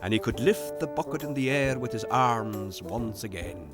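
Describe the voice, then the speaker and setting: A man narrates a preschool storybook in a gentle, steady way. His pitch sits in the middle range. Music plays clearly underneath his voice. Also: normal speed.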